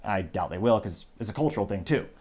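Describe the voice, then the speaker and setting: A man's voice: fairly low pitch, expressive, fast talker, a little mellow, husky. A man hosting a solo political commentary show, talking conversationally with sarcastic asides and frequent digressions. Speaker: host.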